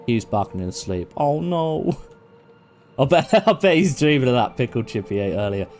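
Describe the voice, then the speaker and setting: A man's voice: mid-range voice, big pitch swings, moderate pace, darkish tone, faint music behind. A man casually commenting and joking while playing a game. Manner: rambling, joking, swears casually. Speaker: game streamer. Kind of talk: casual let's-play commentary.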